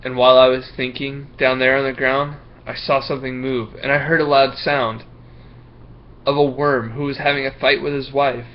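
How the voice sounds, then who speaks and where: A man's voice: medium pitch, level tone, moderate pace, muffled recording, lightly acted. A man voicing a nervous young schoolboy who stammers and hesitates while reading a picture book aloud.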